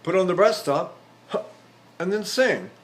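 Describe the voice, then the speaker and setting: An older male voice teacher lectures on singing technique, his trained tenor pitched high among men. His speech swings widely in pitch as he explains, stopping now and then to demonstrate on sung syllables. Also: big pitch swings, unhurried. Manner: demonstrates with sung syllables and vowels, talks with fillers and restarts.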